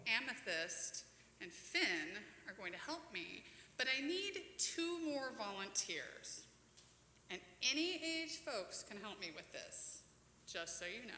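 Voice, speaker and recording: Expressive woman telling a story in church. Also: a little high, a little slow, slight background noise. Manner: warm, expressive storytelling, inviting volunteers. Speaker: worship storyteller. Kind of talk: children's story time at a church service. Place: church sanctuary. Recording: echoey church hall with long reverb.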